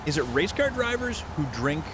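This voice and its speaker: A man's voice: a little high, very animated, moderate pace, background noise. A man live-streaming a game, chatting loosely with viewers, joking and reading out the chat. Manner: rambling, jokey, reads chat aloud.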